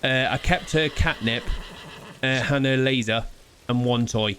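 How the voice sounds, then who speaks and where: A man's voice: mid-range voice, measured pace, fairly bright tone, slight background noise. Chatty, swearing male game streamer. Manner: chatty, rambling, swears freely. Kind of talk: casual live-stream chat.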